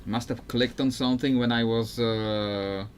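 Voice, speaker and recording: A man's voice: medium pitch, steady tone, a little slow, soft background music. Rambling male game streamer. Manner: rambling, self-interrupting, chuckling. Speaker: gameplay streamer. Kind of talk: casual gameplay commentary.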